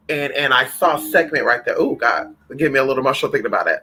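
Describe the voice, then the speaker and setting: A man hosting a spiritual livestream, chatting casually with viewers in an animated, profane way, calling them honey and girl. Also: medium pitch, fast talker, few pauses, a little hiss or hum, rough recording.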